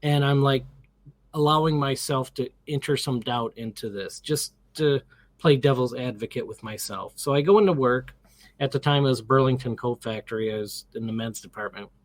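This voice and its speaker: Speaking at a normal speed in a mid-range voice, this middle-aged interview guest tells a story with casual animation. He performs the quoted lines and keeps starting sentences over. The recording is dry.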